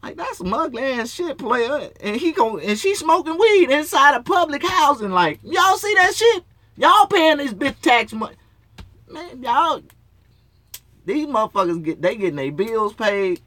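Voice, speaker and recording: A man with a high, bright voice that leaps around as he rants. He curses constantly and rambles from one complaint to the next, hosting his own talk show from inside his motorhome. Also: sing-song, measured pace. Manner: profane, rambling rant with frequent cursing. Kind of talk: solo ranting talk show.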